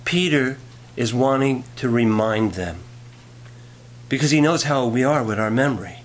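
A man's voice: mid-range voice, normal speed. A male pastor preaching a sermon in a folksy way, telling jokes and reading scripture aloud.

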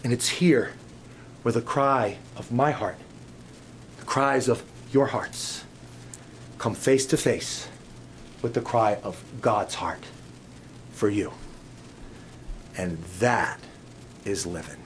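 A middle-aged man preaching a sermon, telling stories and swinging between loud emphatic peaks and soft low asides. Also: slow pace, long pauses, a little hiss or hum. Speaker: pastor.

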